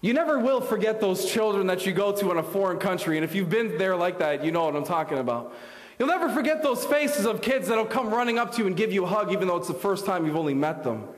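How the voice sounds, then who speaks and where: A young man from Canada preaches in a church sanctuary, his fairly high voice ringing through a roomy hall with a long reverb tail. He tells his story in a sermon, swinging between loud bursts and hushed near-whispers. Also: expressive, fast talker.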